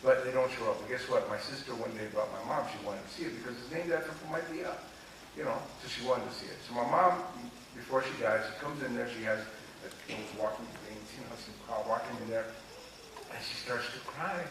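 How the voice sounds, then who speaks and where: A man of around 60 from Los Angeles, an author telling candid personal stories in an interview, animated and confiding and often checking that the listener follows. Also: medium pitch, a little fast. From Los Angeles, USA. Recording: echoey room, distant mic, noisy ambience.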